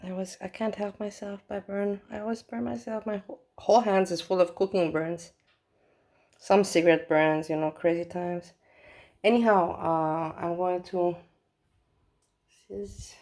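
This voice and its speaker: A woman's voice: mid-range voice, a little mellow. A woman chatting casually to her viewers while she cooks in her home kitchen. She talks in a blunt, offhand and rambling way. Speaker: vlogger. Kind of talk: casual cooking vlog chat.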